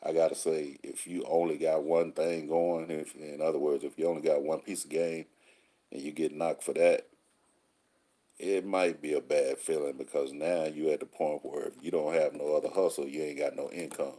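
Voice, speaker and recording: A man's voice: extremely low pitch, flat delivery, normal speed, warm tone. A man from Texas, hosting a call-in show in a laid-back monologue full of street slang and rhyming sayings. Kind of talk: casual monologue answering listeners.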